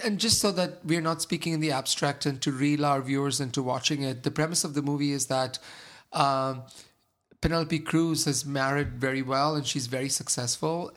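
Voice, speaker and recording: A man's voice: medium pitch, a bit bright. A man co-hosting a film podcast, reviewing movies in an enthusiastic, rambling way with many fillers. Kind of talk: casual film review chat.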